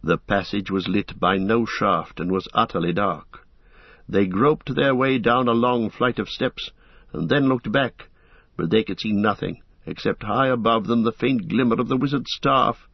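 Husky male audiobook narrator. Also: on the low side, measured pace, no room sound, muffled recording. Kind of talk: audiobook reading.

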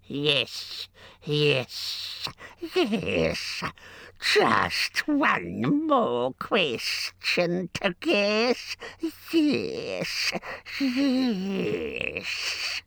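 A man voicing a slimy little male cave creature, with a hissing, gravelly voice in drawn-out, sing-song wheedling phrases that leap into squeals. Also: sits high, huge pitch swings, sharp tone, no echo, voice pushed up, full character voice. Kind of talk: audiobook character voice.

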